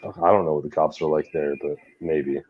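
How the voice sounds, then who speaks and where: Deep-voiced man, blunt and opinionated. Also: fairly even intonation, moderate pace, lo-fi sound, a little hiss or hum. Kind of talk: casual live stream chat.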